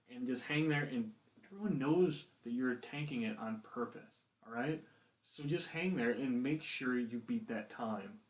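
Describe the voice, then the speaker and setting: Male podcast co-host, mid pitch, chatty and opinionated, recorded with noticeable room echo. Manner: opinionated, chatty, repeats himself for emphasis. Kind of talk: casual podcast chat. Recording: roomy echo.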